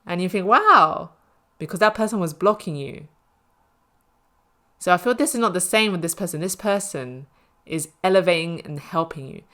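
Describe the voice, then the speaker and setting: A woman's voice: fairly low pitch, moderate pace. A woman giving a casual spoken tarot reading, chatty and reassuring, with many "you know" fillers. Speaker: tarot reader.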